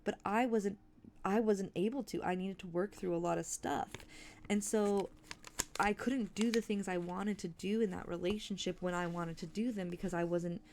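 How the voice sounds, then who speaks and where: A woman's voice: medium pitch, fairly even intonation, normal speed, darkish tone, a little hiss or hum. Candid rambling woman streamer. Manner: candid, rambling, swears freely. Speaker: streamer reading a book aloud. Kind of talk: casual livestream chat.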